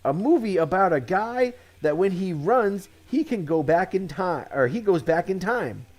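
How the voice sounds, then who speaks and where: A Connecticut man, a comedian, delivers one-liners and chuckles at his own punchlines, tossing off casual remarks about them. His voice is high, expressive and a little mellow, at a moderate pace.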